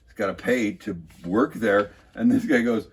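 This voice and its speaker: A man recapping a city council meeting in a mocking, wry way, pausing often with filler sounds. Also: lowish voice, a little hiss or hum. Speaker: local political commentator.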